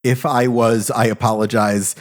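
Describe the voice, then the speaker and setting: A man's voice: medium pitch, normal speed. A man hosting a casual podcast panel, joking around and poking fun at himself. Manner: jokey, self-deprecating, lively. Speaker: podcast host.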